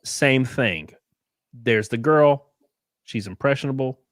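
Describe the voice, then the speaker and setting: A tipsy man co-hosting a podcast, chatting crudely and animatedly, often laughing and breaking into high mocking voices. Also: slow, no echo, clean studio sound. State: a little drunk. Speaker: podcast co-host. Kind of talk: casual crude banter.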